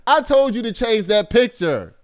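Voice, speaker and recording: A man in his fifties hosting a gossip show in a casual, animated way, full of exclamations and asides to the audience. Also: very high voice, moderate pace. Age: 50s. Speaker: show host.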